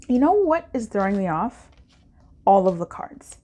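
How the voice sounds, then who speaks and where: Animated, playful woman reading tarot. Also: medium pitch. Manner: animated, playful and slangy, laughing often. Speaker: tarot card reader. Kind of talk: casual pick-a-card tarot reading.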